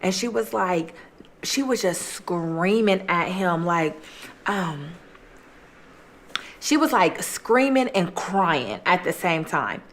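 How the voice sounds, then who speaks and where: A woman's voice: on the low side, lively intonation, takes it slowly, a bit bright. A woman hosting a mukbang, casually retelling a true-crime case in a chatty way, full of "like" and acted quotes. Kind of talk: casual true-crime storytelling while eating.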